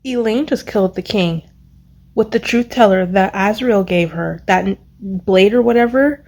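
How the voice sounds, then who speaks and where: Excitable woman recapping a book. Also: medium pitch, moderate pace. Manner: excitable, rambling, searching for words. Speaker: book vlogger. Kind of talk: casual reading vlog recap.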